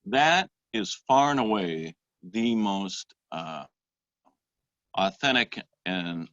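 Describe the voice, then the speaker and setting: A man in a church teaching session speaks in a fairly low, bright, forceful voice. He talks thoughtfully, stopping often to find his words. The sound is dry and dull. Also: no echo. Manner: thoughtful, many "uh" pauses, reads passages aloud. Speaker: guest speaker on literature. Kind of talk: church adult education talk.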